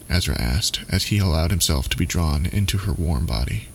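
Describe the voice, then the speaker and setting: A man narrating a scripted story in a measured, steady reading. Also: low voice, slight background noise.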